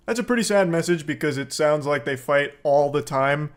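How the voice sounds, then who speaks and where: A man's voice: fairly high pitch, moderate pace, hardly any pauses, clean tone. A man giving sarcastic, swearing comedy commentary while reading out a couple's text messages.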